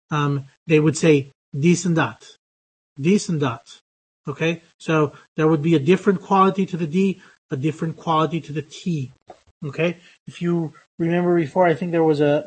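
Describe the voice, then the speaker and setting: A man's voice: a little high, darkish tone. A man teaching English phonetics in a lecture, speaking with many hesitations, fillers and restarts. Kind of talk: online lecture.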